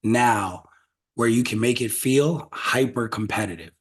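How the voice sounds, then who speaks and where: A man's voice: medium pitch, a little slow. Loose, profane man hosting a podcast. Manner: loose, profane, brainstorming out loud. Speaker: podcast host. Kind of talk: casual podcast chat.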